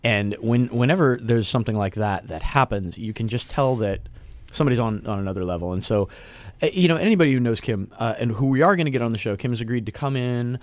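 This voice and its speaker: A man's voice: mid-range voice, fast talker, no room sound. A man hosting a casual local radio show, talking loosely with restarts and easy laughs. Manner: rambling, restarts, laughs easily.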